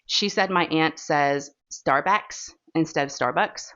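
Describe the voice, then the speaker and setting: A woman with a Texan drawl talks through her crafting session in a loose, rambling way, full of fillers and little asides. Her voice sits fairly low. It is recorded on a phone, so the sound comes through dull and lo-fi. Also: slow, a bit bright. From Texas. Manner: chatty and rambling, with many fillers and laughs. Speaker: crafting channel host. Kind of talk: casual chat while diamond painting.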